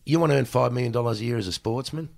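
An Australian man in his sixties, a former cricketer, telling animated stories in casual chat and swearing freely. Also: mid-range voice, very fast, gravelly. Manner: animated, acts out exchanges in raised voice, swears freely. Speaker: podcast guest, former cricketer.

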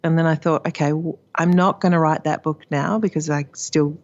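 A woman's voice: deep voice, steady tone, normal speed, a little mellow. Candid woman on a dull line. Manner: candid, storytelling, swears freely. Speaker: guest author. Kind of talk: casual conversation.

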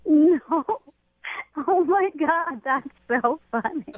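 A woman's voice: high voice, lively intonation, slow pace, narrow, tinny audio, a crowd in the background. A woman on a radio call, talking in a giggly, flippant way. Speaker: caller.

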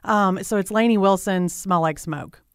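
A radio co-host talks through her song picks in an easy, chatty way. Her voice is smooth and clear, with a medium pitch, recorded dry on a studio mic. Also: normal speed, no echo. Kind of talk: casual chat. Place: broadcast studio.

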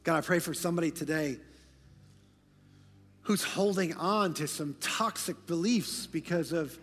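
A male pastor delivering a sermon, moving between hushed, low passages and loud, emphatic preaching. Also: measured pace, long reverb tail, faint music behind.

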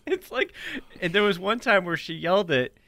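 A man's voice: high voice, huge pitch swings, moderate pace, creaky, bright, forceful tone. A man telling amused stories in a casual chat, laughing as he talks.

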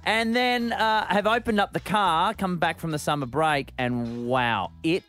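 An Australian man hosting radio, telling stories in lively banter. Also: on the high side, a little slow, faint music behind. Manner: lively storytelling. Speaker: radio host.

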